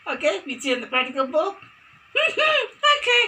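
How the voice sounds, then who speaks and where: A woman's voice: high voice, animated, racing, very noisy. A woman teaching a phonics lesson to young children, playful and sing-song, repeating words for them to copy.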